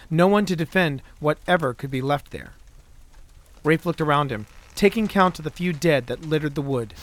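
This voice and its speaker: A man narrating his own adventure story in an even, measured way, recorded close to a studio mic. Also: on the high side. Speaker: author and narrator. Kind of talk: scripted audiobook narration.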